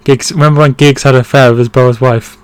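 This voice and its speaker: A man's voice: mid-range voice, fairly even intonation, fast talker, clean tone, no echo. A man hosting a live football watchalong, chatting casually, reading out viewer comments and reacting to the play. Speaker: football stream host.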